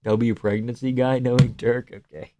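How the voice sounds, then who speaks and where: A man's voice: mid-range voice, fairly even intonation, moderate pace, warm tone, slight background noise. A man hosting a live stream, giving casual, joking reaction commentary on fights, swearing often and reading chat aloud.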